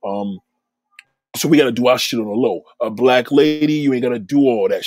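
Guy going off in a casual rant, cussing a lot, repeats himself, kinda husky, dead dry sound. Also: mid-range voice, brisk, darkish tone, dry recording. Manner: blunt, profane, repeats himself.

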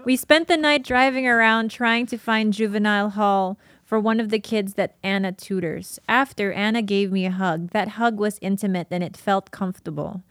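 A woman's voice: medium pitch, fairly even intonation, normal speed, a bit bright, no echo. A woman with a middle-range voice reads an old diary aloud on a podcast, moved by what she reads. The sound is close and dry, with no room around it. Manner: emotional, laughing and tearing up while reading. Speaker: podcast host. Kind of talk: reading a diary aloud and chatting.

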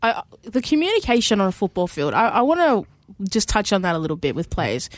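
A woman hosts the interview, asking long questions in an encouraging way. Her voice sits at an ordinary pitch and sounds dry and close to the mic. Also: sing-song, brisk, dry recording. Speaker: radio host. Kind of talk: casual radio interview.

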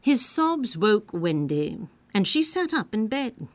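A woman reading a classic storybook aloud with a lively, animated voice. Her pitch sits in the middle, and she reads playfully, leaning into the drama of each line. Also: slow pace, no room sound. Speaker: narrator.

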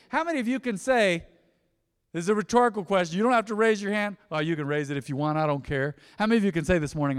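A male pastor preaching a sermon emphatically, swinging from loud peaks down to hushed lines. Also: high-pitched, animated, rapid-fire, clean tone. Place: church sanctuary. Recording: long church reverb.

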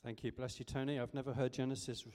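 A man's voice: mid-range voice, level tone, fast, warm tone. Chatty preacher man in an echoey hall. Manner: conversational, with frequent ums and restarts. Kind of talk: sermon. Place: church service.

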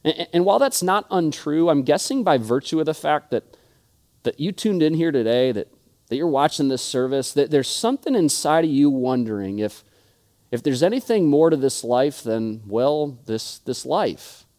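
A man's voice: a little high, expressive, moderate pace, a little mellow. A young adult man preaching a sermon, telling stories earnestly and often restarting his words. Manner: earnest storytelling with repeated restarts. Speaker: pastor.

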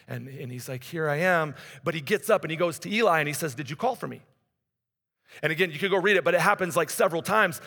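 A man with a high, bright voice preaches conversationally, building up and then dropping to a hush. His voice carries a long reverb through a church hall. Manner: conversational preaching, rises and drops in intensity. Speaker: pastor. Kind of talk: sermon.

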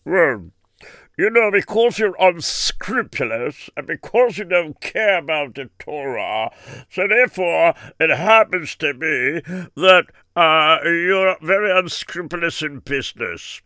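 A man's voice: on the high side, animated, slow, sharp tone, dry recording, heavily acted. A man voicing a wary businessman who accuses the seller of swapping his goods. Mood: accusing. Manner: accusing, brushes off the other. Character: wary cheated male businessman.

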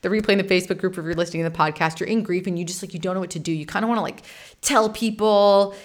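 A woman in her thirties hosting a podcast, telling a personal story in a frank, animated way, swearing casually and laughing often. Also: on the low side, rapid-fire. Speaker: podcast host and meditation teacher.

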